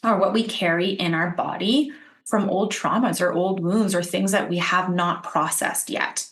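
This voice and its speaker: A woman's voice: on the low side, moderate pace, roomy sound. A woman guest on a podcast, an intuitive healer telling stories in casual conversation and acting out what people said. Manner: animated storytelling, acts out quotes.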